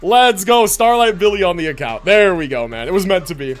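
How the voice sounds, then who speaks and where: Young male streamer, high lively voice, hype and quick to laugh, faint game music behind. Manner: excitable, hype, laughs a lot, swears casually. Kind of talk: casual livestream commentary.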